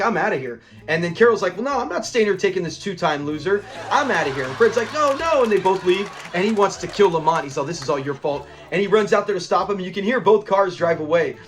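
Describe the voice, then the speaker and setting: A man hosting a review channel, casually retelling an episode, acting out the characters' lines and laughing along. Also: high voice. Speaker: show review channel host.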